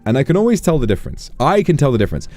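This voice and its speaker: A man's voice: medium pitch, racing, dry recording, soft background music. A man chatting casually on a livestream, playful and teasing as he tells stories. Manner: playful, teasing, animated storyteller. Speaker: streamer.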